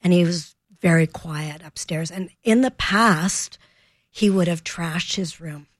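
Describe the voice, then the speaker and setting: Calm storytelling woman on a radio show. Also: on the low side, measured pace, no room sound, clean studio sound. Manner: storytelling, acting out her own calm parenting lines. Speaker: child behavior expert guest. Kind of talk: radio talk show interview.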